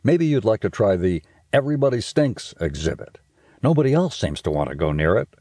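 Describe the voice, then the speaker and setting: A man voicing a kindly female schoolteacher, gentle and explanatory. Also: lowish voice, big pitch swings, a little fast, no room sound.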